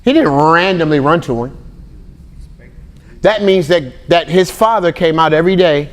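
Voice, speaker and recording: A man in his forties giving a lively, conversational Bible teaching, talking straight to his listeners and acting out the people in his stories. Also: fairly high pitch, moderate pace. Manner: animated, talks straight to the audience, acts out quotes. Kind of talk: conversational sermon-style teaching.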